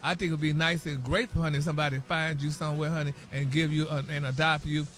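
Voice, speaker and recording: A man's voice: fairly high pitch, level tone, quick pace, fairly bright tone. A man hosting a morning radio gossip segment, talking sassy and calling everyone honey, y'all and baby. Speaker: radio show host reading celebrity news.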